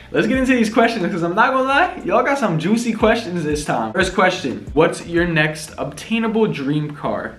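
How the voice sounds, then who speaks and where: A man's voice: medium pitch, a bit bright. A man in his twenties casually answering fan questions in a vlog, laid-back and slangy, rambling with lots of fillers. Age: 20s. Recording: echoey room.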